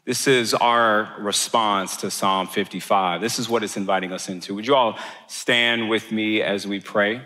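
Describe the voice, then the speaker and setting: Earnest pastor preaching in a reverberant hall. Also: male voice, fairly low pitch, fairly even intonation, normal speed, few pauses, bright, forceful tone. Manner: earnest, repeats words often, builds to emphatic peaks. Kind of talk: sermon. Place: church auditorium.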